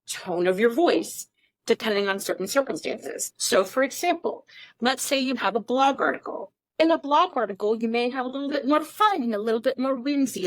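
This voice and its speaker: A woman with a somewhat high voice co-hosts a podcast, laying out definitions in an emphatic, teacherly manner. She keeps checking in with rhetorical questions. The sound is close and dry. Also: dry recording. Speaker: podcast co-host. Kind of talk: explanatory podcast talk.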